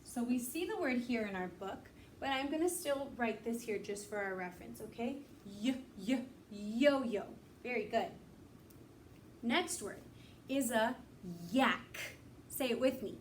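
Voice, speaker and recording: A young woman teacher giving a slow, sing-song phonics lesson to young children, drawing out the letter sounds. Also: on the high side, animated, distant mic, a little hiss or hum. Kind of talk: recorded kindergarten phonics lesson.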